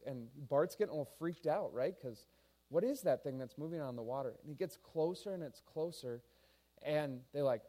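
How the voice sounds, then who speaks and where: A male pastor giving a sermon in a casual, animated storytelling manner. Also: a little high, brisk.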